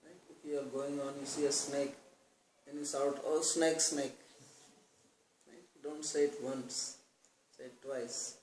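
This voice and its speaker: A man giving a devotional scripture class. He explains verses through everyday examples and chants the verses slowly. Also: medium pitch, flat delivery, a little mellow, a little hiss or hum. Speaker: lecturer on scripture. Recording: roomy, distant mic, faint ambience.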